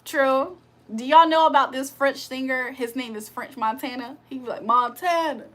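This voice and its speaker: A woman chatting on a live stream with a bright, forceful edge to her slightly high voice. She reads out viewer comments and jokes with them, and laughs often. Her talk is loose and full of slang. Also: steady tone, moderate pace. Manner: playful, joking, laughs often. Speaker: livestream host. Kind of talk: casual live-stream chat, reading comments aloud.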